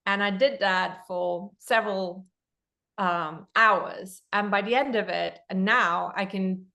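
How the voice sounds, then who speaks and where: A woman's voice: medium pitch, steady tone, slow, vocal fry, bright, forceful tone. A woman born in Germany, a poker author being interviewed, telling a story in a chatty, digressive way. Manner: chatty, digressive, laughs while talking.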